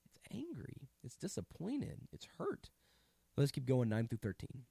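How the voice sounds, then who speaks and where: A man leading a casual Bible study, explaining verses in a conversational, animated way. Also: mid-range voice, measured pace, creaky, breathy edge, no room sound, clean studio sound. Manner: conversational, animated, paraphrases scripture in everyday speech. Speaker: Bible teacher.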